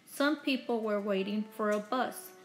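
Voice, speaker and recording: A woman teacher reading a children's picture book aloud to her pupils, slow and expressive. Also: mid-range voice, soft background music, rough recording. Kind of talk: children's storybook read-aloud.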